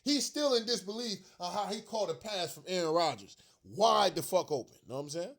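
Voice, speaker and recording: A man's voice: high-pitched, lively intonation, fairly quick, gravelly, hardly any pauses, fairly bright tone. A man ranting as a frustrated fan on his own show, profane and slangy, repeating himself and laughing in disbelief. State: upset and frustrated. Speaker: sports rant vlogger. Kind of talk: fired-up fan rant.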